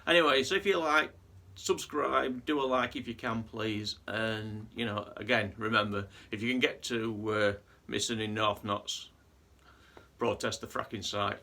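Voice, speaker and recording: A man's voice: fairly low pitch, fairly even intonation, unhurried, vocal fry, pushed and bright. A man vlogging in a casual monologue, earnest and rambling with frequent restarts.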